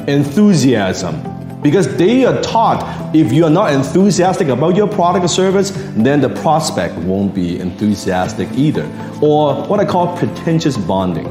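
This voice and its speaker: A fairly high-voiced man talks through a sales lesson in a very animated way, his pitch leaping around as he acts out customers and parents. He sounds like he is in an echoey room, with music playing clearly underneath. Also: normal speed. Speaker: sales coach. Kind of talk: motivational talk.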